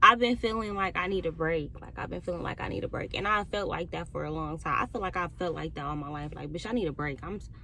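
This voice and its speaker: Bright-voiced young woman, candid rant. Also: on the low side, quick pace, few pauses, slight background noise. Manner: candid, heavy cursing, swings between quiet and heated. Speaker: podcast host. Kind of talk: casual monologue.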